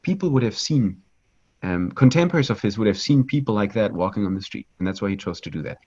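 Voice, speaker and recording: Male tour guide with a low register and a casual, filler-heavy delivery. Lo-fi streamed sound. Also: quick pace, husky. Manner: lively and conversational, with frequent fillers, restarts and "right?" tags. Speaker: virtual pilgrimage tour guide. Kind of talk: live online guided art tour.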